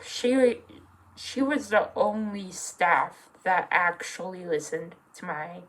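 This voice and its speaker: A young adult with a feminine voice speaking in an earnest, halting way, full of fillers and close to tears at times. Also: female voice, on the low side, animated, low-quality recording. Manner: emotional, near tears at times. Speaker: vlogger. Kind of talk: personal confessional vlog.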